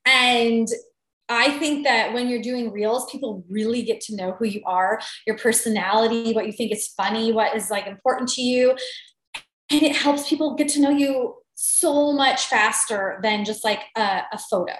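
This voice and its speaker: Woman podcast co-host, casual animated chat, higher voice, roomy echo. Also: normal speed. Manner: chatty, animated, self-deprecating.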